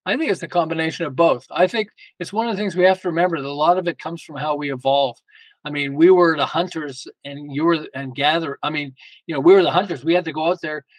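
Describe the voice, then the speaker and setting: Guest male, high voice, emphatic and lively, tells stories, dry close sound. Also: fast, no echo, rough recording. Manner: emphatic, lively storyteller with frequent restarts. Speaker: guest author. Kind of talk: casual interview talk.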